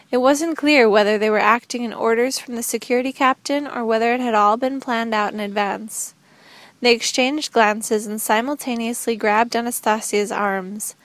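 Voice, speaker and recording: A woman narrating a novel as an audiobook reader, with a steady, measured reading. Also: on the high side, no echo.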